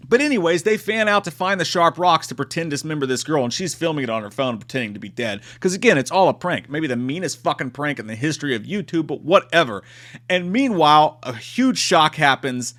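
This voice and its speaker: Brief: a man doing a loose, foul-mouthed movie review, slightly high voice, jumping into quoted voices. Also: fairly quick. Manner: animated, profane, acts out quotes.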